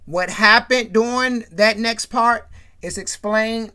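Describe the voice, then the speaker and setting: A woman's voice: on the high side, slow pace, bright, forceful tone, clean tone. A woman casually recapping a film scene, often checking in with "right?" and "you know?". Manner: retells scenes, acting out quoted lines; frequent tag questions like "right?". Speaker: host.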